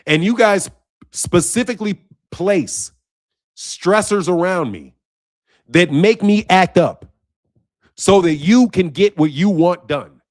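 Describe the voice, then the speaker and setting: Man, high voice, dry close sound, boxing channel host, casual monologue, emphatic, repetitive, swears a lot, confrontational. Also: animated, slow, pauses often, no room sound. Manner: intense and confrontational.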